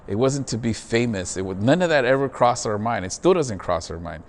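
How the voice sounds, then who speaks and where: In an interview, this man from the theater sounds relaxed, sincere and thoughtful, frequently calling the listener "man." He has a mid-range voice that's animated and a little fast, with a long reverb tail and a little hiss or hum.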